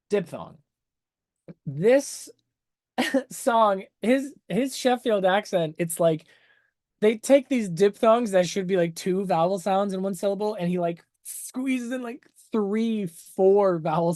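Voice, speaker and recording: A man's voice: high voice, a little mellow, no echo, clean studio sound. A man hosting a casual livestream where he breaks down a song, enthusiastic and chatty, often checking in with "right?" as he explains music terms to his viewers. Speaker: music analysis streamer.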